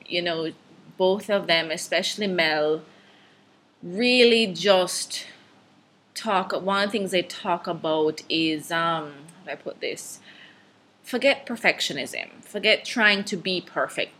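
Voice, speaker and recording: A woman's voice: fairly low pitch, unhurried, pushed and bright, a little hiss or hum. A woman with a Jamaican accent hosting her own podcast in a casual solo monologue, nervous and rambling, laughing often between thoughts. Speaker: podcast host.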